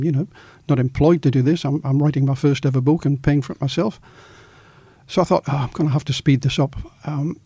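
Middle-aged male journalist storyteller, animated, dry close sound. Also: medium pitch, slightly rough, dry recording. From Australia. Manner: animated storyteller, acts out quoted dialogue. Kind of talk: storytelling in an interview.

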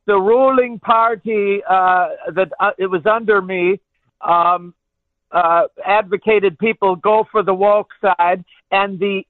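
Male caller, high voice, deadpan satire, tinny phone line. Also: no echo. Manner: deadpan satirical joking, halting with many fillers. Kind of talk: call-in talk radio.

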